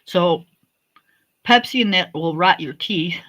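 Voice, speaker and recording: A woman hosting a livestream, chatting in a relaxed way and reminiscing. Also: lowish voice, takes it slowly. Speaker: livestream host. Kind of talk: casual chat.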